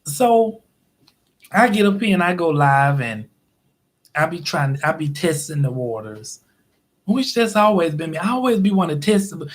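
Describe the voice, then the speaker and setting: A high-pitched man rambles through a casual livestream story. He laughs often and mimics the people he talks about. His delivery is loose and chatty. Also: very animated, normal speed. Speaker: YouTube live streamer.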